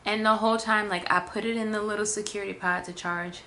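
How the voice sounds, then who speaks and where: Chatty woman vlogger doing a storytime, acts out every quote, faint hiss behind her. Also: fast. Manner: animated, acts out quotes with big pitch jumps; chatty, many "like" fillers. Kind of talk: casual storytime.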